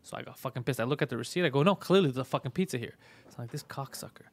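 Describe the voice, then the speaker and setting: A man hosting a casual podcast, telling a profane, animated story full of acted-out quotes. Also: mid-range voice, very fast. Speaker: podcast host.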